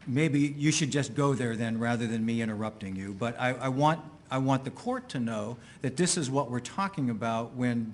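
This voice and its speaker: A man working as an attorney, questioning an expert witness in court with careful, deliberate phrasing and occasional restarts. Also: mid-range voice.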